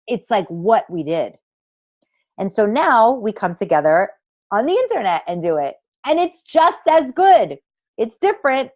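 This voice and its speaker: A woman's voice: mid-range voice, no room sound, lo-fi sound. A woman hosting a live online masterclass for women, talking in a theatrical, emphatic, gushing way and swearing freely. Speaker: online workshop host and women's coach.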